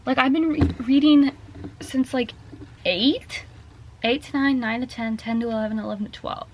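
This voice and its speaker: A woman's voice: high voice, normal speed, a little mellow, slight background noise. A young woman in her twenties vlogging while reading, reacting with gushing, emotional exclamations. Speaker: book vlogger. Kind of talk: casual reading vlog chat.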